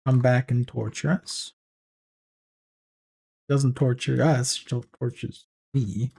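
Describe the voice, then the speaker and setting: Slow gravelly South African man. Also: medium pitch, level tone, darkish tone. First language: Afrikaans. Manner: rambling, halting restarts, chuckles often. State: tired after long work session. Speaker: streamer. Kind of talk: casual livestream chat, reading chat aloud.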